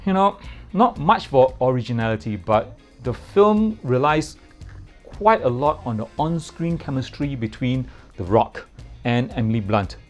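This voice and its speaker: A man's voice: medium pitch, animated, a little slow, faint music behind. A man giving a casual spoken film review in a playful way, repeating words for comic effect.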